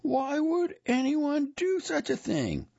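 A man's voice: medium pitch, very animated, unhurried, vocal fry, darkish tone, husky, no room sound, dull audio, voice pushed up, full character voice. A male narrator voicing a curt, irritated woman bank employee who speaks brusquely and dismissively. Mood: indignant.

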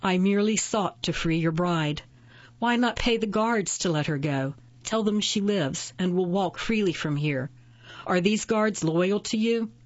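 A woman's voice: mid-range voice, unhurried, no echo, dull audio, lightly acted. A woman voicing a proud, defiant imprisoned witch who answers with cold, cutting retorts, in a storybook reading. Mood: scornful.

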